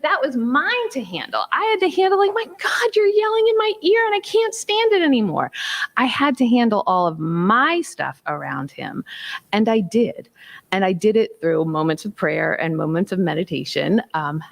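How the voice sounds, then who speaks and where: A woman giving a spiritual talk, telling personal stories with emphatic whispers and acted-out dialogue. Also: on the low side. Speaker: minister and special ed teacher.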